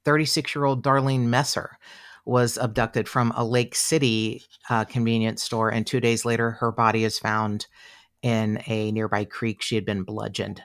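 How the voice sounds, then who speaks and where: A podcast co-host walks through a true-crime case in loose, conversational talk. The voice sits at a middle pitch and gets animated, slipping into quoted voices with plenty of "you know" along the way. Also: normal speed. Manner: animated, chatty, acts out quotes, many fillers. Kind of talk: casual true-crime storytelling.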